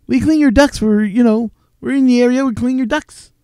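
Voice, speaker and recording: A man voicing an eager male phone salesman for a duct-cleaning service, giving an overly cheerful sales pitch. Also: fairly quick, dark tone, smooth, no room sound, studio quality.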